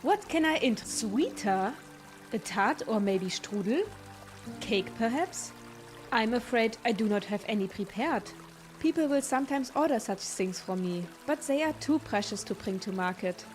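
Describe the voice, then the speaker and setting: A cheerful market baker with a thick German accent, talking up her breads and buns in a warm, higher register. She sounds eager to sell and proud of home. Quiet game music runs underneath. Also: lively intonation, measured pace. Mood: chatty. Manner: warm, hospitable sales patter. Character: cheerful adult woman baker at a market stall.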